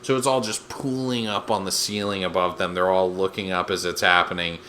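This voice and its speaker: A man's voice: sits low, fairly even intonation, fairly quick, bright, forceful tone, a little hiss or hum. A man co-hosting a podcast, recapping a TV episode in loose, rambling casual chat with lots of fillers. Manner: rambling, fillers, quotes scenes with put-on voices. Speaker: podcast co-host.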